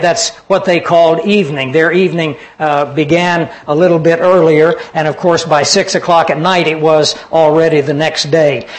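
A man preaching a sermon, earnestly explaining scripture and dropping his voice low for personal stories. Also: rough recording. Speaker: pastor.

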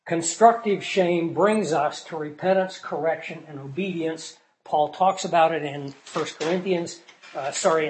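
A man teaching scripture in sermon style, asking the listeners questions and swinging from soft to loud for emphasis. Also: on the high side, rough recording. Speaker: Bible teacher.

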